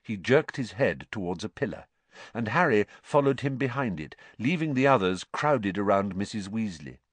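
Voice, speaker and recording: A man reading an audiobook aloud, narrating in an expressive storytelling manner. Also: lowish voice, moderate pace, no echo.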